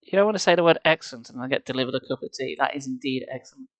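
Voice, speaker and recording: A man's voice: medium pitch, rapid-fire, dry recording. A man reading a children's horror book aloud on a livestream, breaking off for casual chatty asides. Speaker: livestream reader. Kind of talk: live storybook reading with asides.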